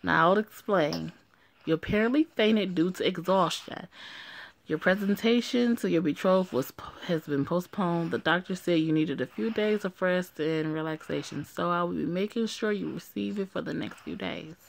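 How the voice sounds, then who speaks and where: A woman voicing a calm, proper older woman caretaker from a story game, with a measured, soothing read-aloud delivery. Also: fairly low pitch, creaky, a little hiss or hum. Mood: explaining. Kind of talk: reading game dialogue aloud.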